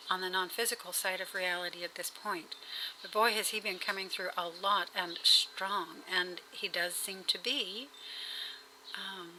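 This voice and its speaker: A woman's voice: mid-range voice, sharp tone, slight background noise, poor audio. A woman talking in a casual video diary, rambling and hesitant, with many fillers and restarts. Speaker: vlogger. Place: at home.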